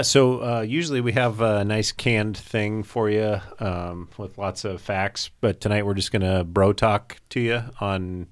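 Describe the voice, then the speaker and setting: A man with a very deep voice speaks in a steady, plain-spoken way. He sounds like a doctor chatting casually with friends on a podcast. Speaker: emergency physician, podcast co-host.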